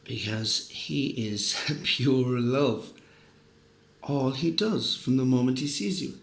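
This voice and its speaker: A man's voice: mid-range voice, slow pace, creaky. A man rambling through a profane, earnest casual monologue, a bit drunk, with restarts and laughs. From Ireland. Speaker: podcast host. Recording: roomy echo, faint background noise.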